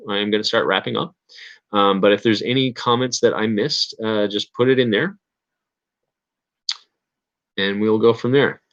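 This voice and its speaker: A man's voice: mid-range voice, fairly bright tone, lo-fi sound. A man hosting a casual livestream chat, rambling and hesitant, often restarting and correcting himself. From Canada. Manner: rambling, hesitant, self-correcting with many fillers. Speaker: livestream host.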